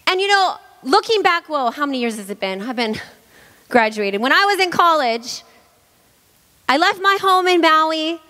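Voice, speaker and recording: Woman, thirties, pastor from Hawaii, lively conversational sermon, high-pitched, long hall echo. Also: normal speed. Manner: lively, chatty, joking with the congregation. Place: church hall. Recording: long church-hall reverb.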